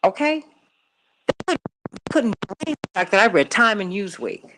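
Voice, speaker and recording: A woman's voice: mid-range voice, very animated, normal speed, a bit bright, a little hiss or hum. A middle-aged woman from Chicago hosting a call-in radio show, telling a personal story emphatically and repeating herself for stress. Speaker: radio talk show host.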